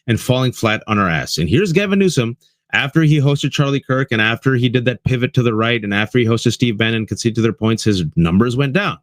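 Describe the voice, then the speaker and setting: A man's voice: medium pitch, lively intonation, fairly quick, dry recording, studio quality. A man delivering a fiery, sarcastic political monologue, hammering points with emphatic repetition. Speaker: political commentator.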